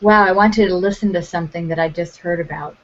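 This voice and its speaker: A woman's voice: fairly low pitch, fast, highs cut off. A woman taking part in an online class, answering with hesitant, filler-heavy sentences. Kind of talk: class participation. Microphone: video call.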